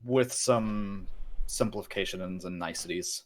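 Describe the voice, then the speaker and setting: A game developer in a casual team stand-up, cutting in with quick, firm remarks. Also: male voice, deep voice.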